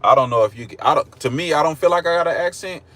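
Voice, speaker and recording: This man talks fast in a voice that's on the high side, bright and forceful. He has an Oklahoma country accent and livestreams from his car at a drive-thru on his phone camera, rambling casually and joking with viewers.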